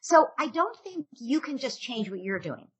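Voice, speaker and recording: A woman's voice: sits high, sing-song, moderate pace, husky. A middle-aged woman, a parenting expert, giving advice in a casual podcast interview and acting out parent and kid lines.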